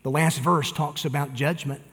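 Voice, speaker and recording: A man's voice: on the high side, steady tone, normal speed, a bit bright, in a large hall. A man preaching a sermon, talking earnestly and appealing directly to his listeners. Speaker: pastor.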